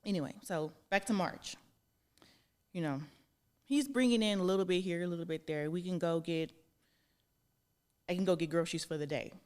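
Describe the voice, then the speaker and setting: A woman in her thirties tells her story in a frank, exasperated way, cursing without hesitation. Her voice sits a little low for a woman, and her talk stays loose and conversational. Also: moderate pace, pauses often, a little mellow. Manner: frank and exasperated, swears freely. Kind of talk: casual chat.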